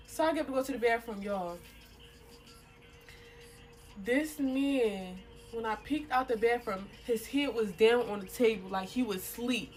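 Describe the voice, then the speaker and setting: A young woman with a Philadelphia accent telling a personal story straight to viewers in casual slang, animated and cursing freely. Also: a little high, unhurried, faint music behind, rough recording. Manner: animated and slangy, addresses viewers as "y'all", curses.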